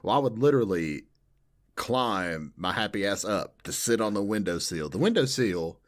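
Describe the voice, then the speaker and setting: A man co-hosting a podcast in casual chat, from the Southern United States, telling stories in an animated way and laughing often. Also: lowish voice, normal speed. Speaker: podcast co-host.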